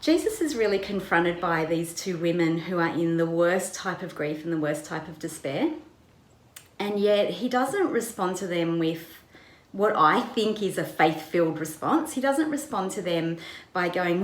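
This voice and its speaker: A woman's voice: fairly low pitch, expressive, a little slow, echoey room. A woman pastor retelling a Bible story in a conversational way, with vivid narration. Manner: vivid retelling, acts out quoted lines.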